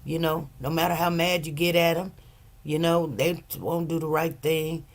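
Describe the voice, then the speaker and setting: A woman's voice: low-pitched, steady tone, normal speed. A woman hosting a livestream, talking casually and emotionally to her viewers in a rambling, conversational way. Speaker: livestream host.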